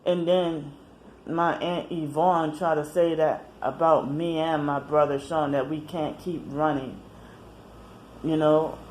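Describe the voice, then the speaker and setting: A woman talking casually to camera in a personal monologue, rambling, halting and often correcting herself mid-sentence. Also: low voice, steady tone, a little mellow, slight background noise. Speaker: vlogger.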